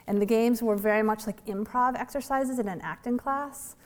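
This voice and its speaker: A novelist in her forties telling the story behind her book in a chatty, animated way, with light laughs and fillers. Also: a little high, normal speed. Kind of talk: storytelling author talk. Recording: long hall reverb.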